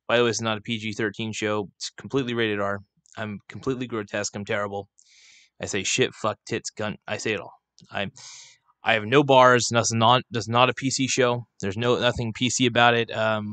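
Male streamer host, low voice, rambling and profane, dry desk mic. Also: fairly bright tone, dry recording. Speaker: livestream host. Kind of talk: casual livestream rant. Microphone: desk microphone, not clipped on.

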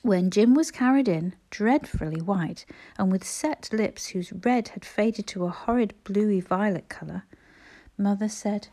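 Mellow-voiced woman reading a storybook. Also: medium pitch. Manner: gentle, measured storytelling. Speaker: audiobook reader. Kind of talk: scripted storybook narration.

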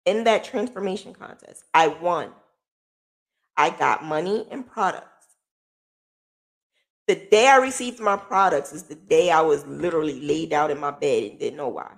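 In a casual vlog, a woman tells her own story candidly and emotionally, swearing freely. Her gravelly, animated voice moves at normal speed with frequent pauses, dropping low and quiet before rising loud with laughter.

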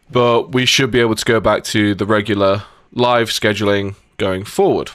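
A man's voice: lowish voice, fairly bright tone, no echo. Dry-sounding man hosting a podcast. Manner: laughing, joking, hesitant with fillers. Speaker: podcast host. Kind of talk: casual podcast chat.

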